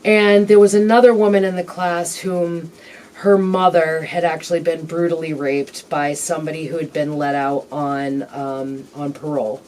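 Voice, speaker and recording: A woman as an interview guest, telling her personal story candidly in a halting, reflective way with frequent pauses and ums. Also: sits low, little pitch movement, darkish tone, distant mic, a little hiss or hum.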